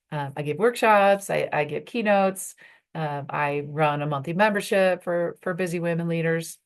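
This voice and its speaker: A woman leading a workshop for professional women, talking conversationally and acting out bits of dialogue. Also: on the low side. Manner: conversational, with fillers and acted-out dialogue. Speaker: workshop leader.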